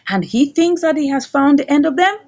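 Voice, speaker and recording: A woman's voice: sits high, lively intonation, a little fast, a little mellow, muffled recording. A woman reviewing a drama series, retelling the episode in a dramatic storytelling way and asking the listener rhetorical questions. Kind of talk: animated recap of a drama episode.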